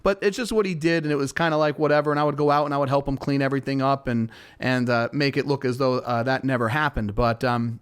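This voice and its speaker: A man's voice: medium pitch, fairly even intonation, quick pace, hardly any pauses, clean tone. A man who hosts a real estate show, casually telling a personal story in a rambling, self-deprecating way, with lots of restarts. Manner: rambling, with frequent restarts and fillers. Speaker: real estate broker, podcast host.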